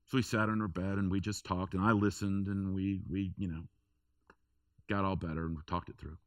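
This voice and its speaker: A man's voice: deep voice, flat delivery, a little fast, no room sound, clean studio sound. A man preaching a sermon in a church, telling a personal story in a conversational way with emphatic repetition. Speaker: pastor.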